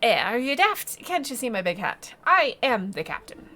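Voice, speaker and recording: A woman putting on a gruff pirate fish captain. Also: fairly high pitch, sing-song, moderate pace, sharp tone, voice pushed up, heavily acted. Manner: pirate talk, scoffing and boastful.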